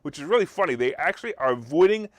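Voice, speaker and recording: A man's voice: fairly high pitch, expressive, quick pace, no room sound. A man hosting a political talk radio show, talking in sarcastic, mocking rants.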